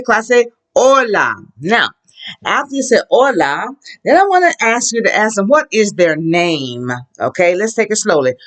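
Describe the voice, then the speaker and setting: A woman teaching a children's Spanish class, drawing out words slowly for the class to repeat. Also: mid-range voice, a bit bright. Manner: slow, drawn-out call-and-repeat prompts. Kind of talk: children's language lesson. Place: classroom with a chart behind her.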